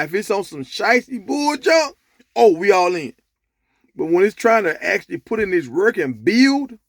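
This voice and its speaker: Man ranting, animated and high-voiced. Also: no room sound, clean studio sound. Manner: animated, profane storytelling. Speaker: sports commentator. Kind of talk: casual commentary rant.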